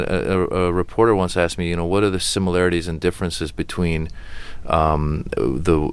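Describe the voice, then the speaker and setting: A man's voice: low-pitched, clear, resonant tone. A man from Iran, a comedian, speaking earnestly and passionately as a radio guest. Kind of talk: radio interview.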